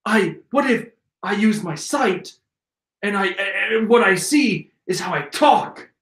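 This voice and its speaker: A man voicing a dim-witted male crowd minion who excitedly shouts out the obvious. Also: takes it slowly, exaggerated voice. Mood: panicky. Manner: high, excited exclaiming. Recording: roomy echo.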